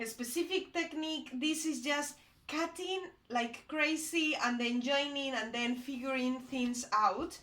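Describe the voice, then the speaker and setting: In an echoey room, a woman vlogger talks casually through a sewing project, wandering off track and pausing often to find the right words. She has a bright voice pitched a bit high.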